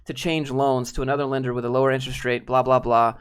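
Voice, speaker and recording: Talking to chat during a laid-back stream, this man speaks fast in a mid-range voice with flat delivery. He rambles bluntly, leaning on fillers and swearing occasionally, and there's slight background noise.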